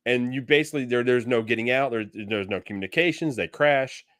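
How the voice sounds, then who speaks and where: Casual podcast co-host, male, mid-pitched, rambling delivery, dry mic. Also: fairly quick, a bit bright, no echo. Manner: rambling, many restarts and fillers. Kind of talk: casual fan discussion.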